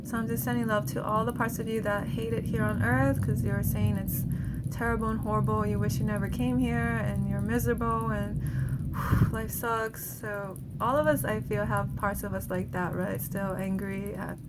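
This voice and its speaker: A woman's voice: medium pitch, little pitch movement, moderate pace, very noisy. A woman energy healer giving a casual guided healing talk, chatty and laughing often between phrases.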